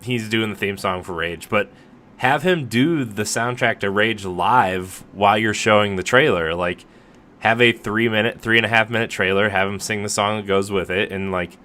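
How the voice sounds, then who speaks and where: A man's voice: on the low side, pushed and bright. A man co-hosting a podcast in casual chat, rambling and joking with plenty of filler words. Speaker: podcast co-host.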